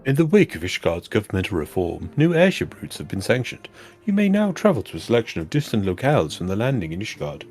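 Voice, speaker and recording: Low-voiced man reading game narration. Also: huge pitch swings, fast, darkish tone, soft background music. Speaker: co-player reading game text.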